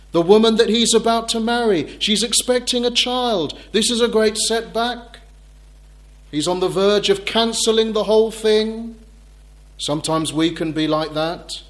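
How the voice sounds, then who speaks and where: A man preaching a sermon in an earnest manner, ending in prayer. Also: fairly high pitch. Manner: earnest, acts out quoted voices.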